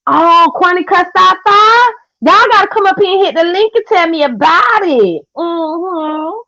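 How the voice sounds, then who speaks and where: Sassy high-voiced woman trash-talking on stream. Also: lively intonation, a little slow, no room sound. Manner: sassy, trash-talking, loud cackling laughs. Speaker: livestream host. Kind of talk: casual livestream chat with viewers. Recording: dull lo-fi stream audio.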